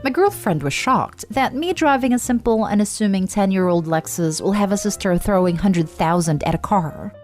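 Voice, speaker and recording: A woman in her twenties reading an online advice post aloud in a plain, even way. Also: medium pitch, moderate pace, hardly any pauses, faint music behind. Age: 20s. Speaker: storyteller.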